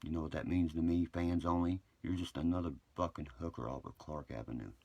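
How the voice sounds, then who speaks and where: A man, rambling profanely on a live stream, moving between angry rants and quiet apologies. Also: steady tone, fairly quick. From West Virginia. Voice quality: deep gravelly voice. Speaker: social media live streamer.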